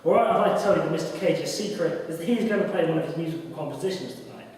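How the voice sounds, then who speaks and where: A man's voice: on the high side, racing, a little mellow, natural voice. A man on stage playing a polite male TV quiz host with a formal, announcer-like manner, recorded from far off in an echoey hall. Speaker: live performer. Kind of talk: reenacted 1950s TV game show hosting.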